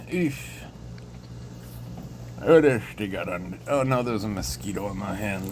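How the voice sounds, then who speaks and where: A man talking alone in a meandering monologue, drifting between thoughts and breaking in with sudden loud interjections. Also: lowish voice, slight background noise. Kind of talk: rambling solo monologue.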